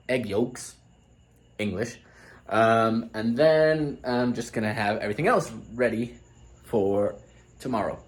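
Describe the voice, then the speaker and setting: A young man talking casually while cooking in his home kitchen, swearing now and then. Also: medium pitch. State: groggy morning voice. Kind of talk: casual vlog narration.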